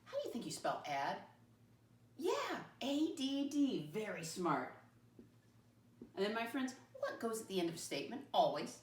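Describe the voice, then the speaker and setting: Lively sing-song woman teacher. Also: mid-range voice, slight background noise. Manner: sing-song, slow and deliberate, spells words out. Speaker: first grade teacher. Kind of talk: classroom lesson to young children. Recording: roomy classroom, mic at a distance.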